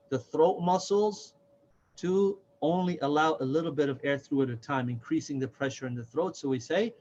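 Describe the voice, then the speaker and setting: A man's voice: fairly high pitch, darkish tone, a little hiss or hum. Patient man teaching the alphabet. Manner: patient, repeats letter names and sounds deliberately. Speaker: Quran reading teacher. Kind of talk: slow, careful alphabet lesson. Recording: dull, lo-fi sound.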